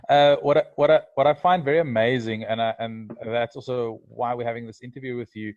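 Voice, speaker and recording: A man's voice: mid-range voice, steady tone, darkish tone, dry recording. A man co-hosting a video call interview who speaks thoughtfully, stopping and restarting often. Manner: thoughtful, halting, many restarts. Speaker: co-host. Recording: dull muffled call audio.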